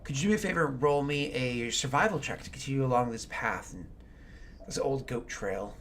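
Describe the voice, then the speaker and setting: A man's voice: medium pitch, fairly quick, a bit bright, slight background noise. A man running a tabletop game as game master, narrating in an easygoing, meandering way.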